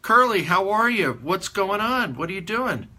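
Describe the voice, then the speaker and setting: A man voicing an excited, high-pitched oil wildcatter. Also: fairly quick, breathy edge, exaggerated voice. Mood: surprised. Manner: eager, questioning.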